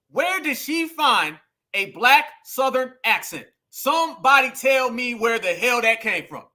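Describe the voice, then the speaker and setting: A man in talks straight to his audience like a preacher, calling them family. His voice sits high and rings bright. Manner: preachy, addresses viewers as family and y'all. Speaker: political commentary host. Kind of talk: casual political commentary.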